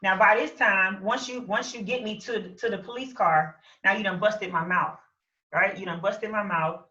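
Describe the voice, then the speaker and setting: A woman telling a personal story as an interview guest, animated, acting out her own shouts and quotes. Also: mid-range voice, moderate pace. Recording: roomy, distant, dull lo-fi sound.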